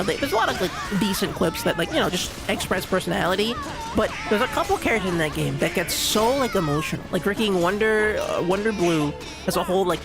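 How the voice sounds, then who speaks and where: A young man talks through a game in loose, rambling commentary, full of restarts and fillers. His voice sits fairly high, with a gravelly edge. Game music plays clearly beneath him. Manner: rambling, restarts, lots of "like" and "you know". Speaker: streamer. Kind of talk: casual gameplay commentary.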